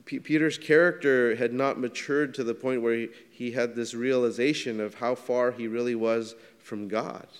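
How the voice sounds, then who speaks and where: A man's voice: medium pitch, steady tone, normal speed, few pauses, clean tone, big-room sound. A man preaching a sermon in a conversational way, asking his listeners questions as he walks through the passage. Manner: conversational, asks the congregation questions. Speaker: pastor.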